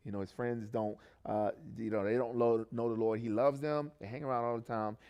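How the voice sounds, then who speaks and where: A man's voice: mid-range voice, fairly even intonation, a little fast, a little mellow, clean tone, dull audio. A man who coaches a youth ministry, giving a sermon testimony in a conversational way, full of restarts and tag questions. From not from Baltimore. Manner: conversational, many fillers and restarts, frequent "right?".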